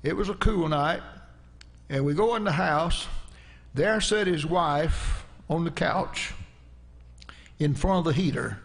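Gravelly preacher telling a story. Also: male voice, a little high, slow, pauses often. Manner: folksy, rambling anecdotal storytelling with restarts. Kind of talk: storytelling sermon.

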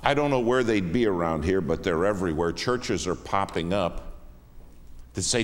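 A man preaching a sermon as a guest in a church, emphatic, swinging between hushed and raised lines. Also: sits low, expressive, moderate pace. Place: church sanctuary. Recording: long reverb of a church hall.

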